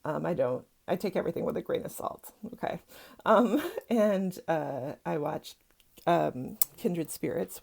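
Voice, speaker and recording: A middle-aged woman talking casually to camera in a low, gravelly voice. She rambles along with fillers and asides, and her tone is dark and slightly husky. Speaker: psychic and spiritual teacher.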